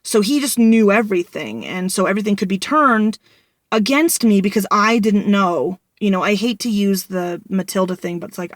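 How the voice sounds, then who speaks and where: A woman's voice: medium pitch, normal speed, a bit bright, dry recording, clean studio sound. A woman in her twenties tells a personal story in a candid vlog, rambling and venting with frequent restarts. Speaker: vlogger.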